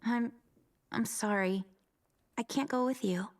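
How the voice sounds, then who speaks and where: A weary, affectionate young adventurer. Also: female voice, a little high, measured pace. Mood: tender. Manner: soft, pleading, often near a whisper.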